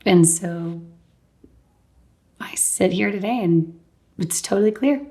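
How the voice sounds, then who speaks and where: A woman casually telling a personal story as an interview guest, animated and quick to laugh, often saying "like" and "um". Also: fairly low pitch. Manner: animated, laughs often, acts out what others said; fills speech with "like" and "um". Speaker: guest sharing a healing testimony.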